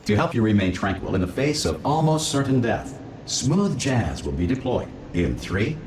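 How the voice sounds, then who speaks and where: An actor playing a male facility announcer system, reading announcements in a measured, formal way in a video game. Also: medium pitch, sing-song, a little mellow, lightly acted. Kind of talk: recorded public announcement. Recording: roomy game audio with background noise.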